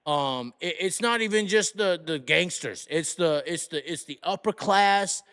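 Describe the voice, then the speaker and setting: A man's voice: high-pitched, unhurried, fairly bright tone, clean tone. Rambling, swearing man in casual chat. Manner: rambling, profane, full of restarts and "like".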